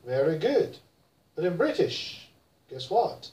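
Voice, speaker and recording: This is a pronunciation teacher leading a classroom drill at an unhurried pace, saying every word several times over. The voice is mellow and rises and falls a lot. It is recorded from some distance in an echoey room. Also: mid-range voice, very animated. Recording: roomy and distant from the mic.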